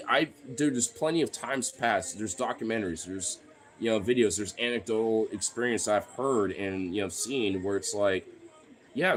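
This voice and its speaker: A man talking in a casual, rambling monologue, swearing often and getting heated, with lots of "you know" fillers. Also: lowish voice. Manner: profane, heated ranting with frequent fillers.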